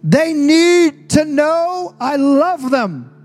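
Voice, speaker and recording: A man's voice: extremely high pitch, big pitch swings, drawn-out words, a little mellow. A man preaching a sermon as pastor, telling the story in a casual, joking way. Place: church stage.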